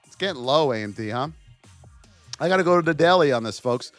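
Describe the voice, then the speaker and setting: An excitable man runs a live market-commentary stream, bouncing between joking with viewers and reading off price levels. His voice sits high and swings widely in pitch, and the recording is close and dry. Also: a little fast, dry recording, faint music behind. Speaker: trading educator.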